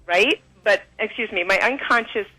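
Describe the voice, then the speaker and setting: Woman on a phone interview, bright ringing voice, lively and chatty, does little quoted voices. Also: mid-range voice, normal speed, breathy edge, rough recording. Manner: animated, acts out quoted voices, laughs often. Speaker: author and guest. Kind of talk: interview, explaining and telling stories.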